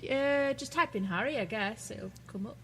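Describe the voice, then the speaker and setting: A woman's voice: on the high side, normal speed, gravelly, big-room sound, slight background noise. A woman co-hosting a radio show, chiming in with teasing, bossy interjections. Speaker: radio co-host. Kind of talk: casual radio banter.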